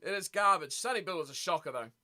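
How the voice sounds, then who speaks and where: A man's voice: high-pitched, lively intonation, fast, sharp tone. A man hosting a rugby watch-party stream, ranting bluntly in casual chat and reacting to viewer comments.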